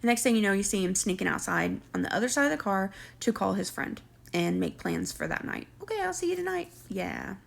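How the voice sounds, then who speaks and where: A woman's voice: mid-range voice, fairly quick, vocal fry. A woman, casually recapping a reality show, chatty and sarcastic, acting out what people said. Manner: chatty, sarcastic, acts out quotes.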